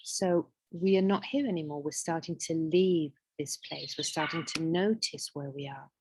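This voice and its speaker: A woman with a soft, husky voice and as her leads a small wellbeing class. She speaks in a gentle, encouraging way and checks in with her listeners every few phrases. The sound is dry and close, with no room echo. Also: low voice, steady tone, normal speed. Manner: gentle, checks in often with "yeah?" and "right?". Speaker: wellbeing course teacher. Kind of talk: guided group class talk.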